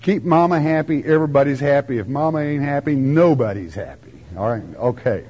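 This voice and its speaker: An older man preaching a folksy verse-by-verse sermon, with homespun turns of phrase and slow, drawn-out emphasis. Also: a little high, lively intonation, darkish tone, breathy edge. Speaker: preacher teaching scripture.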